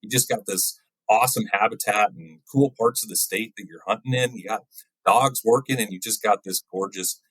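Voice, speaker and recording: A man's voice: on the low side, moderate pace, fairly bright tone, slightly rough, no echo, low-quality recording. A man who works as a wildlife biologist, a guest chatting casually in an interview and often ending his points with "right?".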